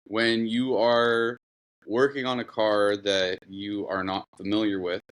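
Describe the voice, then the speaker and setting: A man's voice: on the low side, slow pace. A man, a guest mechanic, telling casual stories with a lot of swearing and acting out the people in them. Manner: profane, animated, acts out the people in his stories. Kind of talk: casual storytelling.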